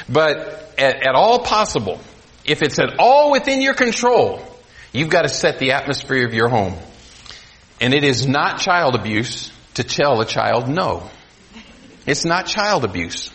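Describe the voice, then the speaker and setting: A man preaching a sermon to a congregation, swinging between loud emphasis and quiet asides. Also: a little high. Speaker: pastor.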